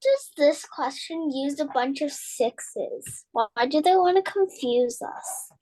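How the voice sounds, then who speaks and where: A woman putting on the voice of a puzzled young student who complains slowly about a math question. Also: high voice, lively intonation, warm tone, no room sound, low-quality recording.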